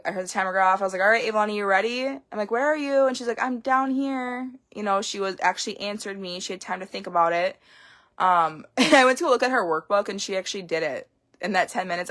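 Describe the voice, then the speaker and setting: A woman's voice: on the low side, a bit bright. A young woman, a homeschooling parent, talking casually in a vlog and rambling frankly with lots of fillers.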